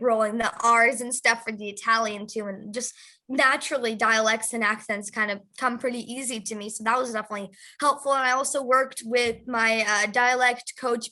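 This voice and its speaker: Bubbly giggly young woman, bright voice. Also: fairly high pitch. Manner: bubbly and giggly, gushing with enthusiasm. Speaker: actress interviewee. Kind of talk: press junket interview.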